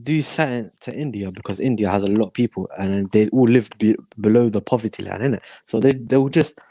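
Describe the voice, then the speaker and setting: A man's voice: lowish voice, fairly quick, mellow, no echo. A man in casual chat, hesitant and trailing off.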